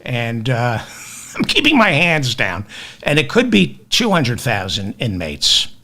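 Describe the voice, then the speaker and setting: A man's voice: medium pitch, huge pitch swings, takes it slowly, pushed and bright. A man hosting a comic news podcast, sardonic and exasperated, mixing rants with asides into his webcam. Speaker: podcast host. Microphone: webcam with automatic tracking.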